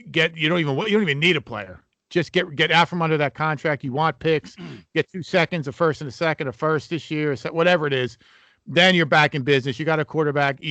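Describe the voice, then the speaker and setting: Emphatic New man, bright and dry. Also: on the high side, no room sound. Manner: emphatic, builds arguments point by point. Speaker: podcast co-host. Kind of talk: casual sports betting podcast chat.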